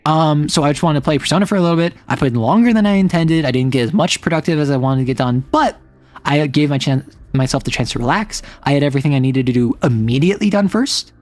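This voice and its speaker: A young adult non-binary streamer chatting casually and rambling, often sliding between higher and lower voice registers. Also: animated, fast talker, darkish tone, no room sound. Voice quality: some gravel in the voice. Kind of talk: casual live-stream chat.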